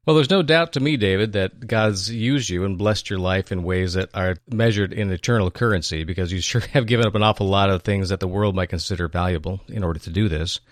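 A man's voice: low-pitched, brisk, hardly any pauses, dry recording, clean studio sound. A man hosting an interview, reflective and faith-focused in his questions. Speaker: podcast host.

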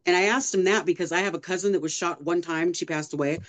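A woman guest telling her own story of survival and faith on a podcast, earnestly and with animated retelling. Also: on the low side, quick pace. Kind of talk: emotional personal testimony.

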